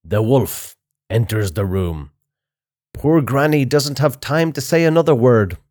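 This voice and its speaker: A man narrating a children's fairy tale in a slow, expressive storytelling style. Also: mid-range voice.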